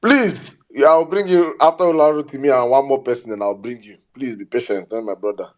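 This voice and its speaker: A man's voice: medium pitch, a little fast. A man with a Nigerian accent hosting a live audio chat, teasing speakers and slipping into Pidgin.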